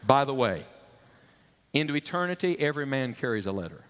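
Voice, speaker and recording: A male pastor preaching a sermon, storytelling and pleading with his congregation. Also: mid-range voice. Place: church sanctuary. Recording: reverberant church hall.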